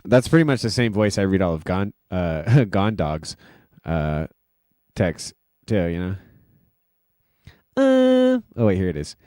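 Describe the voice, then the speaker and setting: A man's voice: low voice, a little slow, darkish tone, no echo, studio quality. A man hosting a casual livestream, rambling loosely with lots of fillers and self-deprecating asides. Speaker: livestream host and music producer.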